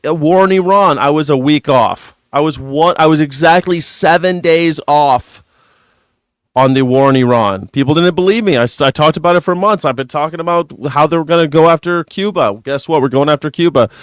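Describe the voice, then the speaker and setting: Male host, sarcastic and profane, rants and yells, smooth and crisp voice, slightly raised pitch, dry sound. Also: dry recording. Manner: sarcastic, profane, fast-shifting rant; yells at times. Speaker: news reaction show host. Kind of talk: ranting comedic commentary.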